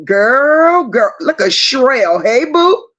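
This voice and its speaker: High-voiced slow-talking woman host. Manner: animated, dramatic, slangy and emphatic. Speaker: livestream host. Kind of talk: casual live chat reading comments.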